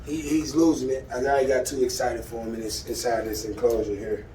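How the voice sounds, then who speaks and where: A man who trains dogs, vlogging as he works with his puppy, talking straight to viewers and swinging from calm explaining to loud excited bursts. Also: medium pitch, brisk, roomy sound, distant mic, slight background noise. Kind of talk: excited casual vlog while training a dog. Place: outdoors in a dog enclosure.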